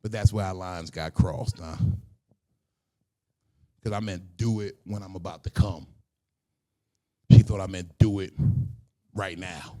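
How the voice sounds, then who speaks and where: A man's voice: low voice, steady tone, a little slow, pauses often, mellow. A man doing a stand-up comedy set on stage, telling loose, profane stories with stammered restarts. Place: comedy stage before a live audience.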